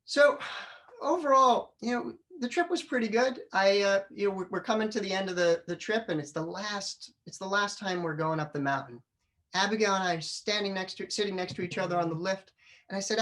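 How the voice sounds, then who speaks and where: Middle-aged man, funny storytelling speaker, lively and animated. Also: high voice, brisk. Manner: animated storyteller, acts out family voices. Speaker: public speaker. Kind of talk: humorous storytelling speech. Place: club meeting room.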